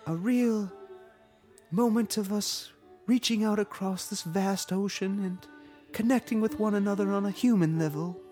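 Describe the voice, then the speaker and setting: A woman voicing a prim, sweet elderly lady who talks slowly and with exaggerated politeness, her voice pitched well above her own. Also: warm tone, soft background music, lightly acted. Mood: gushing sincere. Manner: slow, sugary and overly polite.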